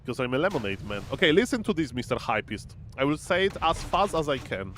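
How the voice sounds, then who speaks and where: A man's voice: medium pitch, very animated, brisk, hardly any pauses, a bit bright, slight background noise. A young man casually casting a strategy game on a live stream, playful and chatty, calling out exclamations and reading viewer messages aloud. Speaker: esports caster and streamer.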